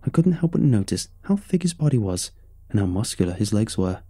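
A man narrates a first-person story and reads the dialogue in a plain, low-key way. His voice is very dark and husky. The room sounds dry, with faint music underneath. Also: big pitch swings, fairly quick, no room sound.

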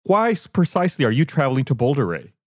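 A man's voice: mid-range voice, big pitch swings, fast talker, no echo, clean studio sound, natural voice. A man voicing a polite, formal male cart driver with a quizzical, courteous manner. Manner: courteous, quizzical, keeps offering gum.

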